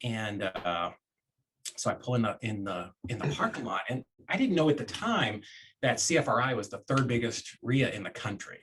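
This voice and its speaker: Animated man telling a story. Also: mid-range voice, moderate pace, a little hiss or hum. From Florida, USA. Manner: animated storyteller, acts out quoted voices, many restarts. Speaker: real estate investor and guest. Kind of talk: casual storytelling in an interview.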